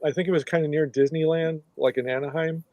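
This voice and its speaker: Rambling American host, slightly high voice. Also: male voice, steady tone, fast talker, darkish tone, dry recording. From United States. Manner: rambling, self-correcting. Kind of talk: casual chat.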